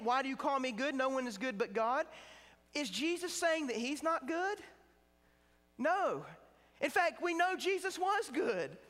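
High-voiced man preaching in an echoing chapel. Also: pushed and bright. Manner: emphatic, slows down on key words. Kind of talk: sermon. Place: seminary chapel. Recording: chapel with long reverb.

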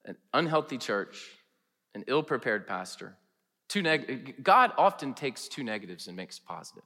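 A male pastor preaching a sermon in a chapel, telling funny stories with lively, animated delivery. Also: mid-range voice, normal speed, big-room sound. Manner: animated, humorous storytelling. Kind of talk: sermon with storytelling. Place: large chapel.

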